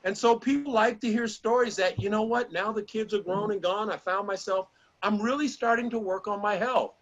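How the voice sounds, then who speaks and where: A middle-aged man giving a motivational talk to a small group, an animated storyteller who acts out the lines he quotes. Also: sits high, moderate pace, lo-fi sound. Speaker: motivational speaker.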